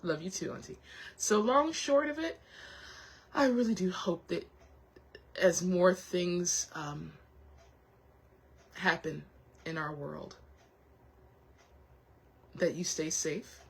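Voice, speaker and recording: Slight background noise and low recording quality accompany a woman's low-pitched voice. She hosts an informal motivational chat, heartfelt and encouraging, repeating her reassurances and often restarting as she thinks out loud.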